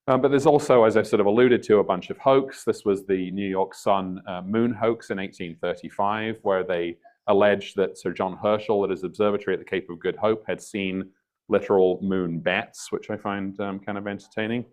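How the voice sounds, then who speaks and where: A man's voice: on the low side, fairly even intonation, moderate pace, darkish tone. A man from the UK giving a public science lecture over a video call, dry and wry with many ums and uhs. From UK, near Liverpool. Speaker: guest speaker.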